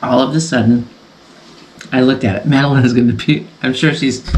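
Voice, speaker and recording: A woman's voice: a bass voice, steady tone, moderate pace, darkish tone, a little hiss or hum. Chatty woman quilter in a roomy room. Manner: chatty and rambling, with frequent laughs. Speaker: quilting channel host. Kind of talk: casual sew-along chat. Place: home sewing room.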